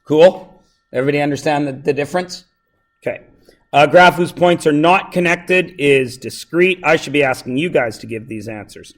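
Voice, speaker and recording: Speaking at a normal speed with a fairly high pitch, this male math teacher runs a review lesson for his class. He cracks jokes and strays onto tangents, all while making sure his students keep up.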